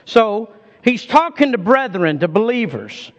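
A man with a high voice preaches at an unhurried pace, folksy and chatty, calling on the congregation to say amen. His words ring out with a long reverb from a large hall. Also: big pitch swings, muffled recording. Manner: folksy, calls on the congregation to answer. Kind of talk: sermon.

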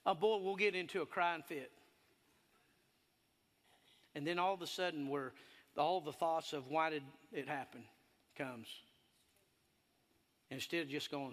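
Male pastor, higher voice, preaching in an echoing church hall; animated, rising to loud high emphasis. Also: normal speed, pauses often. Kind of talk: sermon. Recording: long hall reverb.

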